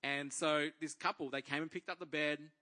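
Bright-voiced man telling a testimony. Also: on the high side, normal speed. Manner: animated storyteller acting out his own inner dialogue. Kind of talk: personal testimony to a congregation.

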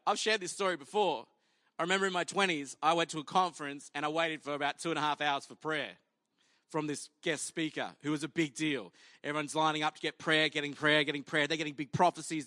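A man delivering a sermon in a slightly high, forceful and bright voice. He tells the story in a casual, humorous way and acts out each person in it. The sound is dry and close, with no room around it. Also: no room sound. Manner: animated storytelling, acting out the people in the story; conversational and humorous. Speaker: pastor.

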